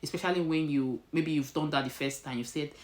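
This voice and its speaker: A woman's voice: sits low, brisk, darkish tone. A woman with a Nigerian accent chatting casually to camera at home, slipping in Pidgin phrases. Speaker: vlogger. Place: indoors at home.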